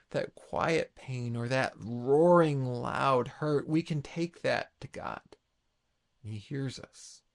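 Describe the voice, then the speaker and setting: A man in his late thirties preaching a sermon, earnest and halting, often restarting his sentences. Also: on the high side, gravelly. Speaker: pastor.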